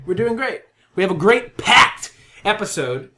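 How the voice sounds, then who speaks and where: A man's voice: high voice, animated, unhurried, a crowd in the background. A man hosting a casual video game podcast, telling a long story animatedly and acting out the voices of the people in it. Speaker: podcast host. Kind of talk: casual chat.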